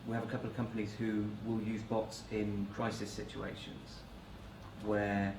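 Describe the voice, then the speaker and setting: Flat, halting man in an echoey room. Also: lowish voice, background noise. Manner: halting, measured explaining. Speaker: panelist. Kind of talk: panel discussion.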